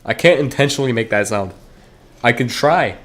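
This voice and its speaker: A man's voice: mid-range voice, expressive, moderate pace, fairly bright tone. A man chatting casually to his viewers while streaming a game, rambling and cutting himself off mid-sentence. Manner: rambling, self-interrupting, talks straight to chat.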